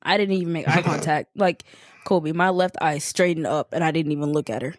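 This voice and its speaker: A woman's voice: low-pitched, a little fast, dry recording, studio quality. A young woman, a podcast co-host, telling a story in casual chat, swearing and acting out the people she quotes.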